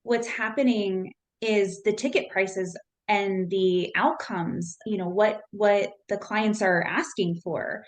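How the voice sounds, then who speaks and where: Slow-talking woman podcast host. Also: medium pitch, fairly even intonation. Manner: encouraging, affirming. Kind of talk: podcast interview chat.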